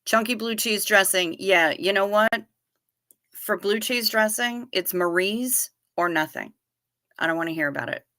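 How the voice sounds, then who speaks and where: A woman hosts a relaxed livestream, reading chat aloud and firing back blunt, salty replies. Her voice is bright and punchy. The sound is dry and close, with no room echo. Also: mid-range voice. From United States. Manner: blunt, salty, quick to tease. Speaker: livestream host.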